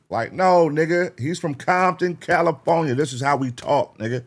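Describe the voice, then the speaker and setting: Slangy, animated man reacting on camera. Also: fairly high pitch, normal speed, hardly any pauses. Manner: animated, slangy, repeats himself, asks the viewers. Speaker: reaction video host. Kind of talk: casual reaction commentary.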